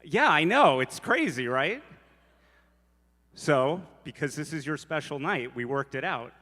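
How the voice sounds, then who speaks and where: A man's voice: on the high side, expressive, measured pace, sharp tone. A man emceeing a gala on a handheld mic, playful and teasing with the crowd. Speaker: event emcee. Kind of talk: joking gala emcee patter. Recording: reverberant hall from a distance.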